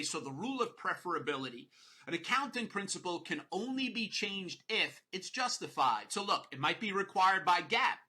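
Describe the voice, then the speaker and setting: A man gives a recorded exam prep lecture in a sharp, forceful voice with a slight husky edge, pitched a little above the usual for a man. He drives points home by repeating rules and lightens things with playful jokes. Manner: playful, joking asides between explanations; emphatic, repeats key rules.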